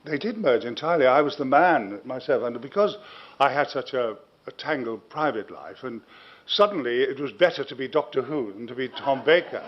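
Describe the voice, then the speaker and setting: A man's voice: medium pitch, a little hiss or hum. An older man, a guest telling long, self-mocking anecdotes in an interview and chuckling through them. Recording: dull lo-fi recording.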